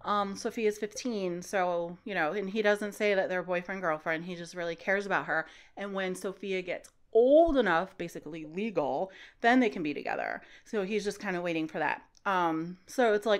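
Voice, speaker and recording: A woman hosting a casual book-recap podcast, talking loosely with many fillers and acting out the characters' lines in quick put-on voices. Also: fairly low pitch, lively intonation.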